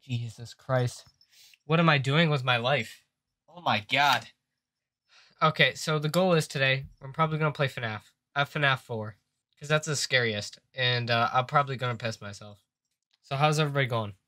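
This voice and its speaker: A man's voice: mid-range voice, normal speed, pushed and bright, no room sound, studio quality. A young man on a casual livestream, chatting to viewers at a desk microphone, joking, swearing, and getting jumpy as he plays a horror game. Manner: joking, chatty, swears a lot, gets jumpy when scared. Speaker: streamer. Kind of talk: casual livestream chat while gaming.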